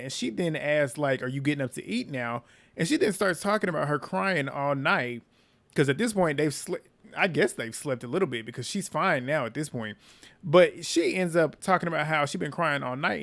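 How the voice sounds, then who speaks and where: A young man giving a casual, animated recap of a reality show, slangy with laughing asides. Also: fairly high pitch, fairly quick, vocal fry.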